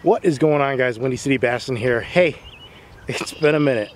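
A man's voice: mid-range voice, brisk, slight background noise. A young man hosting a fishing channel, chatting casually and upbeat outdoors by a pond in the rain, talking to a camera mic. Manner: upbeat, excited when catching fish. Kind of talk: casual outdoor vlog talk.

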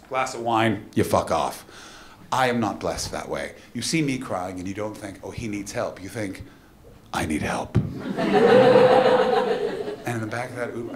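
Guy doing standup live, goes quiet and somber then loud on punchlines, echoey room, crowd noise behind. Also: lowish voice. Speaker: stand-up comedian. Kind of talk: stand-up set. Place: live comedy venue at a festival. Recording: roomy live venue with audience noise.

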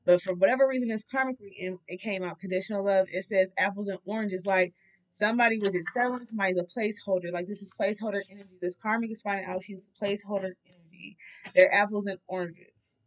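A woman's voice: medium pitch, fast talker. Blunt profane woman reading tarot. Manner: blunt, profane, animated talk. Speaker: tarot reader. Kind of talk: casual tarot reading monologue.

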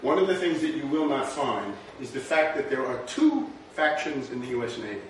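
A man's voice: mid-range voice, sing-song, fairly quick. A man giving a history lecture in a rhetorical, conversational way, often checking in with "right?". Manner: rhetorical, frequent "right?" asides. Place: lecture room. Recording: very echoey room, distant mic, faint noise.

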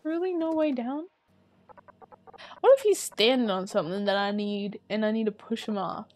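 A woman streaming a game, chatting casually and swearing at it in sudden loud bursts. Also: mid-range voice, expressive, brisk, soft background music. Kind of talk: casual gaming commentary.

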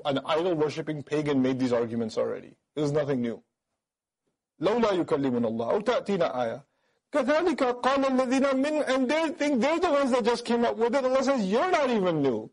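A man preaching Quran commentary at a rapid clip, his voice sitting high. He throws out rhetorical questions and mimics the critics he answers, shifting between teaching and lively storytelling. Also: rough recording. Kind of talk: sermon-style Quran commentary.

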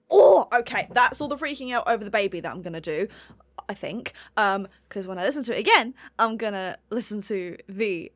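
A woman's voice: medium pitch, lively intonation, brisk, no echo. A woman, a singer, reacting to a song in casual, enthusiastic commentary, picking apart the vocal technique. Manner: enthusiastic, gushing and analytical about vocal technique.

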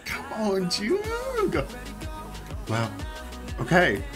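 A reaction host talks in a drawn-out, unhurried way, the pitch leaping from low murmurs to high squeals. The delivery is excitable and gushing. A music track plays clearly underneath. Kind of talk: casual reaction commentary. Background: music video playing.

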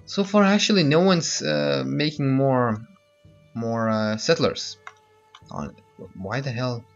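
A man's voice: mid-range voice, takes it slowly, vocal fry. A man giving casual gameplay commentary, thinking aloud and hesitating with many fillers. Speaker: let's play host. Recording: muffled lo-fi with game music.

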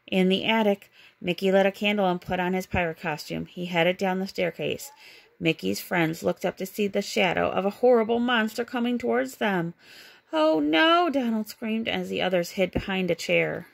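A woman reading a children's bedtime storybook aloud in a gentle, expressive way. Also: mid-range voice, moderate pace, vocal fry. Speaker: storybook reader.

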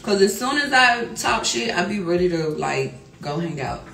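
A middle-aged woman talking casually on a livestream, loud and animated, laughing often. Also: fairly low pitch, moderate pace, creaky. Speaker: livestream host. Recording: echoey room with music behind.

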